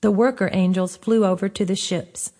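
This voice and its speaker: Woman calmly reading her own fantasy book. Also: mid-range voice, moderate pace. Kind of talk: audiobook narration.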